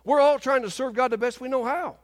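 A man in his fifties preaching a sermon in a church service, animated and often asking the congregation "Amen?". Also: extremely high pitch, fairly quick, big-room sound. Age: 50s.

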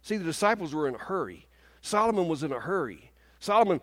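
A man in his fifties preaching a sermon in a church service, animated and often asking the congregation "Amen?". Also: a little high, fast talker, in a large hall. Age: 50s.

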